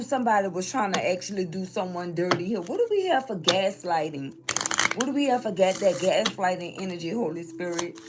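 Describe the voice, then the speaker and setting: A woman's voice: mid-range voice, very noisy. A woman from New Orleans, chatting casually through a tarot reading and laughing often. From New Orleans, Louisiana. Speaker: spiritual reader. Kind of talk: tarot reading live stream.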